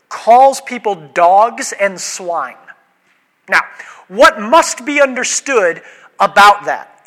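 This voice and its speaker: Bright-voiced pastor man preaching casually. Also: high voice, big-room sound. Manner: conversational and joking, asks the room questions. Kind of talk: sermon with congregation questions.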